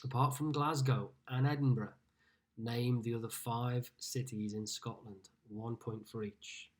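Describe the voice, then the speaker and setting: A man's voice: medium pitch, steady tone, a little slow. Chatty man from Liverpool hosting a quiz. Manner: chatty, greets players by name while reading scores. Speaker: quiz host. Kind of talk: casual live-streamed pub quiz hosting.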